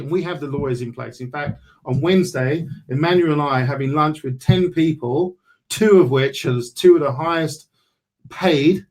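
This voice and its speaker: A man's voice: fairly high pitch, a little mellow, poor audio. A man mentoring a group on property deals, brash and salesy, swearing casually as he talks.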